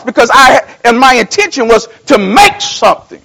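High-voiced preacher with folksy swings. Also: male voice, lively intonation, moderate pace, creaky, hardly any pauses, rough recording. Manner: folksy storytelling, swings from low mumbling to loud exhortation; repeats and restarts phrases. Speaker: pastor. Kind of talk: sermon.

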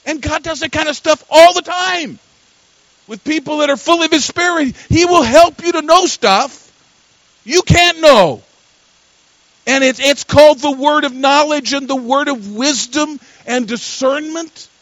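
Older male preacher, high-pitched, storytelling sermon delivery that rises to forceful emphasis. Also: a little slow, no room sound, low-quality recording. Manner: storytelling preacher, swinging from quiet asides to loud emphatic peaks. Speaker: pastor.

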